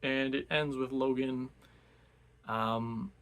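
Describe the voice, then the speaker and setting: Gravelly man recapping a book. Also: medium pitch, fairly even intonation, takes it slowly, fairly bright tone. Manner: rambling, many fillers and restarts. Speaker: book club reviewer.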